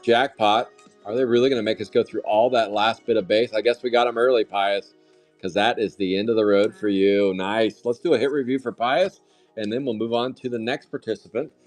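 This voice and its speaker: A man hosting a live trading card break, calling out pulls with loud, excitable, jokey hype. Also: mid-range voice. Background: faint music.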